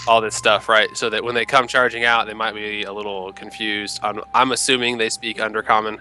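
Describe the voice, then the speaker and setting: Bright-voiced man playing a tabletop game. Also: lowish voice, little pitch movement, moderate pace, soft background music. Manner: talks through his character's moves out loud. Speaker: player. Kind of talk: tabletop game play over voice chat.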